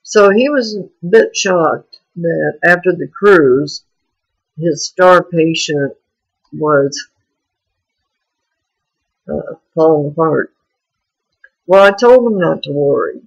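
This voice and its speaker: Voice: mid-range voice, expressive, takes it slowly, vocal fry, long pauses, breathy edge, highs cut off. A vlogger talking in a frank, rambling, confessional way in a personal video diary.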